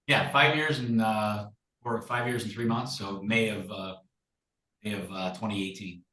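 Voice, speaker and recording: A man giving an emphatic, animated coaching talk as a guest, acting out sample conversations. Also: lowish voice, normal speed. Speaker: guest speaker, recruiting coach. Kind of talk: energetic coaching talk on a video call. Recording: echoey room.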